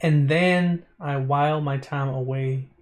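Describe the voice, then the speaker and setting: A man's voice: a little high, steady tone, slow. A man streaming a visual novel, reading the text aloud in a casual way, stumbling over words and breaking off into chatty asides.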